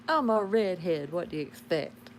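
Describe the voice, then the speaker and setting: A woman with a Southern drawl, soft-spoken and chuckling as she chats casually with viewers of her livestream from home. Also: lowish voice, slight background noise. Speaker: livestream host. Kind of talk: casual live chat. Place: home with pet dogs.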